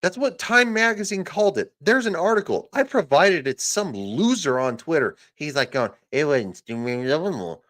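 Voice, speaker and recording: A man hosting a podcast, loudly yelling and swearing through a political rant. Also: high-pitched, lively intonation, moderate pace, few pauses. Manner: loud, profane, yelling. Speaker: podcast host. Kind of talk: ranting political commentary.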